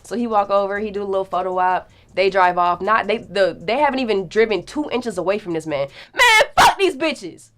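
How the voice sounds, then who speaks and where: A woman's voice: mid-range voice, brisk, few pauses. A young woman telling a story in a casual, slangy way, acting out the quotes with big jumps in her voice. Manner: animated, slangy, acts out quotes. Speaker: guest storyteller.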